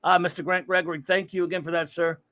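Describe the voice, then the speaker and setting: Chatty higher-voiced man hosting a livestream. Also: flat delivery, fast, bright, forceful tone. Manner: rambling, chatty, greets viewers by name. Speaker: livestream host. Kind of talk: casual live-stream chat, reading chat aloud.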